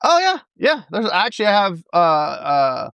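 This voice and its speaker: A man's voice: high voice, wildly swooping pitch, normal speed, vocal fry, bright, forceful tone, clean tone, no echo, dull audio. A younger man co-hosting a casual podcast about debt, easygoing and a bit hesitant, laughing along. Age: younger adult. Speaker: podcast co-host, debt consultant. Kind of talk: casual chat.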